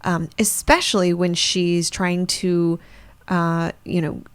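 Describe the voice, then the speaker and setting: A woman's voice: fairly low pitch, little pitch movement, takes it slowly, clean tone. A woman co-hosting a podcast, explaining psychology in a thoughtful way with some fillers. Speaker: psychologist co-host. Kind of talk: podcast discussion.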